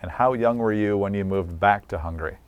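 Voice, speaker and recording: A man's voice: lowish voice, brisk, clean tone, muffled recording. A man conducting an oral history interview, prompting with questions and summing up the answers.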